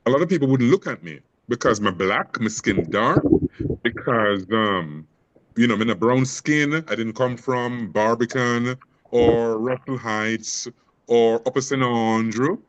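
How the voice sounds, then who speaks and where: A man's voice: medium pitch, a little slow, rough recording. Passionate Jamaican-Canadian man, repeating himself. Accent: Jamaican mixed with Canadian. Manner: passionate, stumbles into repeated words. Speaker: poet and educator, guest. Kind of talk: interview conversation.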